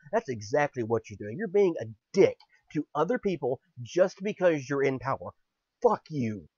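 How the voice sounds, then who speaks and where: This podcast host has a slightly high voice and vents a foul-mouthed, angry political rant in furious bursts. The lo-fi podcast audio sounds dull and has no echo.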